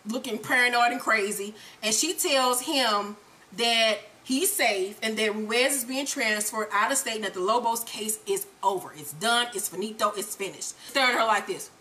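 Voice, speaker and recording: High bright profane woman recapping TV. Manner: animated, profane, acts out characters. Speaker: TV recap host. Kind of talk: casual profane episode recap.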